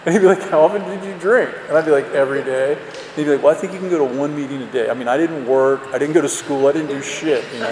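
A man's voice: mid-range voice, darkish tone, a little hiss or hum. A man telling his recovery story as a personal testimony, rambling and self-mocking with lots of fillers. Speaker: speaker sharing recovery story. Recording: roomy hall with long reverb.

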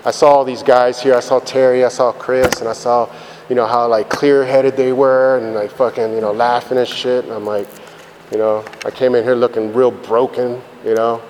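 A man tells his recovery story in candid, rambling testimony, swearing freely and leaning on fillers. His middle-pitched voice carries a long hall reverb. A faint hum of background noise sits under it. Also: flat delivery, moderate pace, darkish tone. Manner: blunt and profane, rambling with many fillers.

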